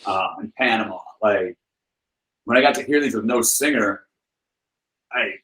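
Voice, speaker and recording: A man guest on a podcast, telling stories in a rambling, animated way with many "like"s and "you know"s. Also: lowish voice, a little slow, poor audio. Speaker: guest, film director and author. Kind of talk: casual podcast interview.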